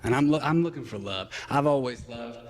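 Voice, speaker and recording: A man's voice: medium pitch, fairly quick. A man who is a bachelor contestant on a dating show, playful and flirtatious, with plenty of exclamations.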